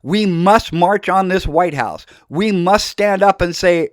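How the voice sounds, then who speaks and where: A man's voice: high voice, slow, hardly any pauses, dry recording, studio quality. An older man delivering an impassioned, accusatory political monologue as a podcast host, with fiery outbursts. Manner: fiery, accusatory, shouting into speeches.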